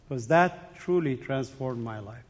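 A man's voice: mid-range voice, lively intonation, a little slow, in a large hall. A man giving a testimony sermon, telling his story dramatically in short, emphatic phrases. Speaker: speaker giving a personal testimony.

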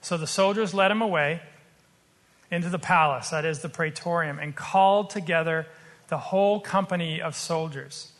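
A man preaching a sermon, earnest and explanatory, slowing down to stress his points. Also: a little high, fairly bright tone, in a large hall. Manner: earnest, explanatory, slows for emphasis.

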